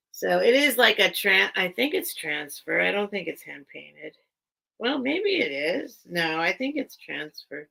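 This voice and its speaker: A woman's voice: on the low side, creaky, bright, forceful tone, rough recording. A woman hosting a casual live sale stream, chatting in a rambling, enthusiastic way. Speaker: online sale host. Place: at home among her collection.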